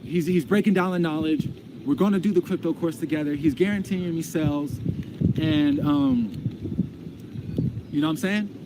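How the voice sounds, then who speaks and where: A man's voice: high-pitched, lively intonation, moderate pace, gravelly, pauses often. A man telling a story casually, heated and profane, often repeating himself. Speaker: storyteller recounting a dispute. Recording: loud background noise.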